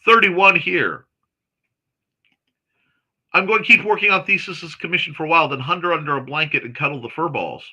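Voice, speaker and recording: Male stream host with a high-ish, very bright voice, chatty and quick with snarky jokes while greeting chat. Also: slightly rough. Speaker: host of a morning livestream chat show. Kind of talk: casual livestream chat, reading viewer comments aloud.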